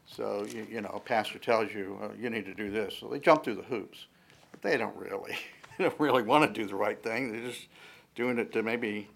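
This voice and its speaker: A man's voice: on the low side, creaky. Joking, casual male preacher. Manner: casual, joking, many fillers and restarts. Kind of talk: conversational sermon.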